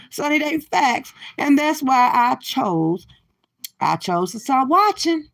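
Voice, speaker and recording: A middle-aged woman doing profane, brash reaction commentary from her car, cursing and laughing through loud rants. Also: high-pitched, very animated, takes it slowly, gravelly. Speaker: livestream commentator.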